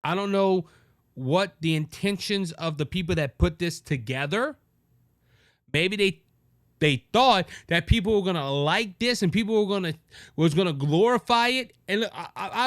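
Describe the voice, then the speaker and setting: Emphatic Cajun man, high and bright. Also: animated, measured pace, no echo, studio quality. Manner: emphatic, repeats words and restarts phrases. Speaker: podcast host. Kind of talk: opinion monologue.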